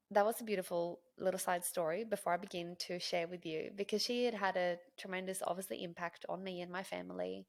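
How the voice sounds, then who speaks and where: A woman in her thirties, a podcast host telling a personal story in an animated, emotional way. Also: fairly low pitch, gravelly. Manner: animated, emotional storyteller who acts out dialogue.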